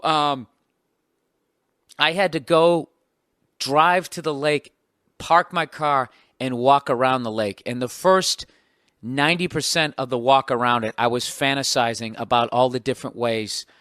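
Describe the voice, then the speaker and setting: A man in his forties with a Boston accent, telling a profane, exasperated story with sudden loud outbursts on his podcast. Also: mid-range voice, measured pace, clean tone, no room sound, clean studio sound. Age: 40s. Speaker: podcast host. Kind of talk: ranting comic monologue.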